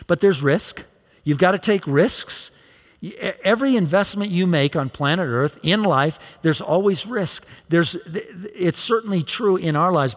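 A man's voice: on the high side, long reverb tail. A male pastor preaching a sermon, emphatic, repeating phrases for emphasis.

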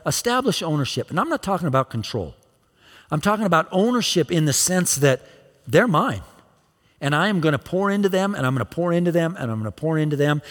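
Guy preaching a sermon, bit high voice, lots of repeating for emphasis, long church reverb. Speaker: pastor.

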